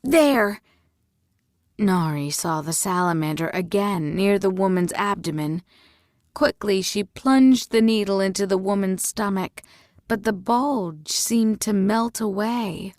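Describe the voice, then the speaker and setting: A woman reading a fantasy novel aloud as narrator, slow and even. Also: mid-range voice, no echo, clean studio sound. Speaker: audiobook reader. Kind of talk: storybook narration.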